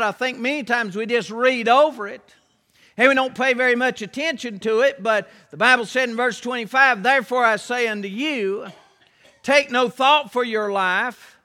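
A man's voice: very high-pitched, pushed and bright. A man preaching a sermon, emphatic and repetitive, drawing out key words and reading scripture aloud in a church. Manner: emphatic, repeats key phrases, draws out words; reads King James scripture aloud. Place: church sanctuary. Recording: long church hall reverb.

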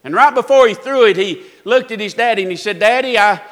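A man preaching a sermon, telling a story dramatically, his voice swinging from hushed to shouting. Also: high-pitched, fast. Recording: echoey hall reverb.

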